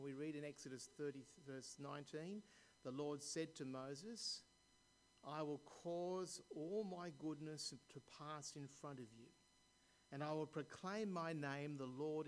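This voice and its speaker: A man preaching a sermon, reading scripture aloud and asking the congregation questions, his voice dropping softly at the ends of verses. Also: fairly high pitch, a little hiss or hum. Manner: slow, deliberate preaching with pauses and questions to the congregation. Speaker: pastor.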